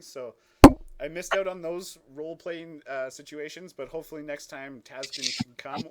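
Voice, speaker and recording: A man running a tabletop game as game master, talking casually with many fillers and quick self-corrections. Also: medium pitch, very noisy.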